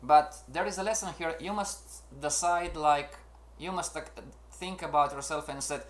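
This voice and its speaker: Animated man teaching a live trading class. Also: on the high side, moderate pace. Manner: animated, repeats "make sense, everybody?", acts out traders' inner voices. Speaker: trading instructor. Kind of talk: live online trading lesson. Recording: roomy echo.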